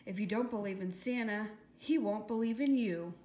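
A woman's voice: medium pitch, moderate pace, mellow, natural voice. Woman reading as an earnest, upset schoolboy. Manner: pleading, upset. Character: earnest young schoolboy who believes in Santa. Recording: echoey room with faint hiss.

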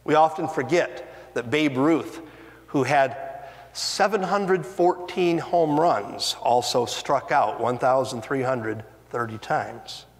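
A man pastor preaching a sermon in a church sanctuary, earnest and deliberate, with rising and falling emphasis. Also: medium pitch. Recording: long reverb of a church hall.

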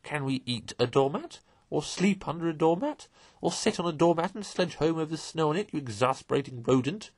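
A man's voice: a little high, expressive, brisk, few pauses, breathy edge, pitched above the performer's own voice. A man doing a whiny, fussy little mole. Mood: petulant. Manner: plaintive and petulant. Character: fussy, sulky male mole, small and indignant. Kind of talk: storybook reading.

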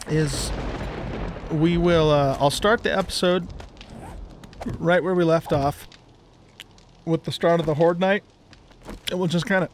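A man's voice: a little high, slight background noise. A man hosting a gaming channel, chatting casually to his viewers while he plays, with the hiccups. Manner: easygoing, talks to viewers while playing. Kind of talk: casual gameplay commentary.

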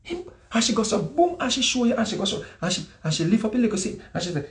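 A Jamaican man spins a story in casual chat, his voice swinging up and down in lively leaps. His tone is gravelly. He repeats his words and acts out the people he quotes. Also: sits high, fast talker. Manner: animated, repetitive, acts out quotes. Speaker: guest speaker.

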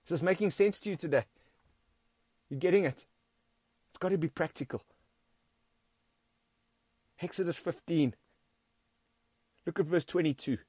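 A man's voice: on the high side, unhurried, long pauses, a little mellow, husky, no room sound, clean studio sound. A man with a South African accent preaching a sermon in a church, emphatic and repeating key phrases, often calling the congregation friends. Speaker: pastor.

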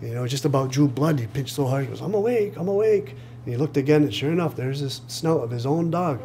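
Lively male storyteller, faint hum. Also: mid-range voice, brisk. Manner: lively, acts out voices, chuckles at his own jokes. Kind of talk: live oral storytelling. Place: live reading event.

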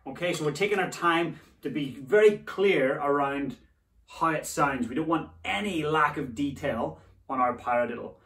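A man with a fairly high, fairly bright voice leads drum students at a normal pace, encouraging them and calling out the rudiment syllables. There's slight background noise, the room is echoey, and he's a bit far from the mic.

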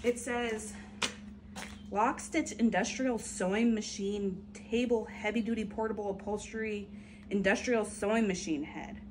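A woman reselling returns, chatting excitedly to viewers as she unboxes, over-caffeinated and talking a mile a minute. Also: medium pitch, unhurried, background noise. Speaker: reseller vlogger. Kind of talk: casual unboxing vlog.

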